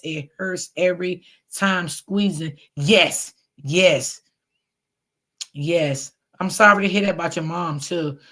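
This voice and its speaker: Middle-aged female livestream host with a lowish, gravelly voice, chatty and direct with her viewers. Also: fairly bright tone. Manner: chatty, talks straight to viewers. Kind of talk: casual livestream chat, reading viewer comments.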